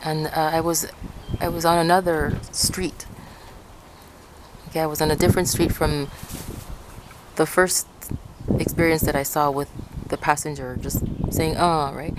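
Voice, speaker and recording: A woman's voice: low voice, flat delivery, moderate pace, long pauses, noisy background. A woman from Ecuador telling a personal story in a chatty, rambling way, correcting herself as she goes. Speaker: vlogger. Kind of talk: casual storytelling.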